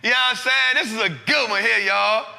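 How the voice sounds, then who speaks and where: High bright-voiced man hosting a show. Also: a little fast, gravelly, long reverb tail, a little hiss or hum. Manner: animated, casual slang, repeats himself. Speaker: host of a live finance show. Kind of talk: live talk show monologue.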